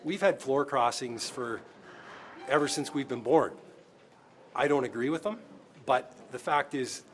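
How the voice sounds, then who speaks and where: A male politician answering reporters in a press scrum, measured and pausing as he thinks. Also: mid-range voice, a little hiss or hum.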